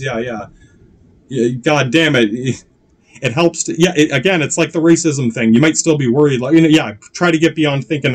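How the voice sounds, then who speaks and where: A man from Canada rambling through a profane political rant, full of restarts and asides. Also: a little high. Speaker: channel host.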